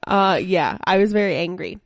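A woman's voice: on the low side, expressive, moderate pace, no echo. A woman co-hosting a podcast, chatting casually and laughing often as she reads a friend's palm. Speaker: podcast co-host. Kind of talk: casual chat, reading a palm.

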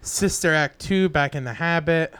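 A man's voice: on the high side, moderate pace, fairly bright tone, clear, resonant tone, no room sound. A man in casual podcast chat who rattles off lists of titles and laughs often.

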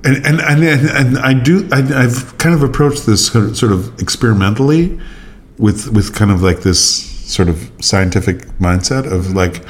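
A man co-hosting a podcast, musing aloud in casual conversation over drinks, with many halting restarts. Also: medium pitch. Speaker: podcast co-host.

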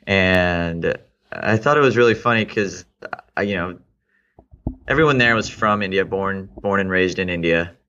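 A man's voice: low voice, normal speed, pushed and bright, lo-fi sound, slight background noise. A man in his thirties from Texas, a guest in a casual interview, reflecting aloud with many fillers and restarts. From Texas, United States.

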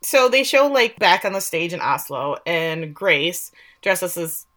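A woman's voice: on the low side, very animated, a little slow, a bit bright. A woman co-hosting a podcast, casually recapping episodes and quoting the characters with animation. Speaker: podcast co-host.

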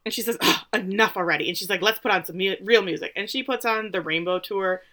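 A woman co-hosting a podcast, recapping a TV episode in a casual, animated way and acting out the characters' lines. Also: medium pitch, quick pace. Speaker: podcast co-host.

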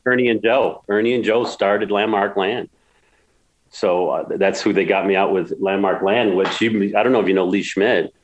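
A man's voice: fairly low pitch, fairly even intonation, moderate pace, dull audio. A man in his sixties from upstate New York, telling emotional stories in an interview with many restarts and repeats. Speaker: golf course builder, guest. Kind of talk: storytelling interview.

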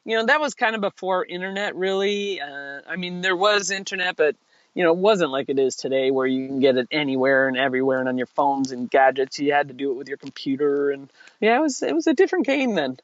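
A man's voice: a little high, lively intonation, fast talker, a bit bright, no room sound, lo-fi sound. A man telling a story in a casual interview, laughing often and acting out his past self in a raised voice. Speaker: guest, paraglider.

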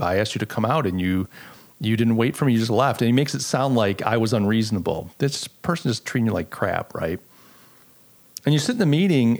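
A middle-aged man hosting a solo podcast, talking in an earnest, reflective way and telling stories with frequent restarts. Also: lowish voice. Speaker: podcast host. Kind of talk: casual solo podcast monologue.

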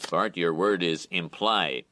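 A man's voice: low voice, slow pace, pushed and bright, a little hiss or hum, heavily acted. A man voicing a pompous, fussy middle-aged school principal in a cartoon. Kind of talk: cartoon voice acting.

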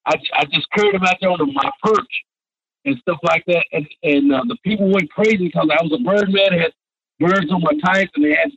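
A man's voice: sits high, a little fast, fairly bright tone, husky. A man in his sixties, a retired pro wrestler, telling rambling stories in an interview. He often repeats "and stuff like that.". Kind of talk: anecdotal storytelling. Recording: dull lo-fi radio sound.

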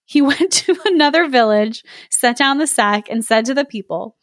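Young woman reading a fairy tale out loud, kinda high voice, dry close sound, giggly. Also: lively intonation, normal speed, dry recording. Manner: playful, laughs often between lines.

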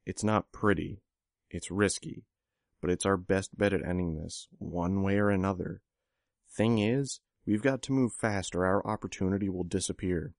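Male reader playing a sharp young woman, impatient and sure of herself, audiobook voice, dry recording. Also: low-pitched, creaky, no echo. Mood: urgent. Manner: brisk, exasperated, confident. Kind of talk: audiobook character voice.

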